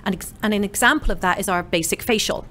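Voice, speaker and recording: A woman from the UK whose British accent has softened, a salon owner chatting casually as a guest with a friendly, self-deprecating manner. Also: mid-range voice, fast, a little hiss or hum. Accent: British, softened by years in America. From United Kingdom. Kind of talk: casual interview chat.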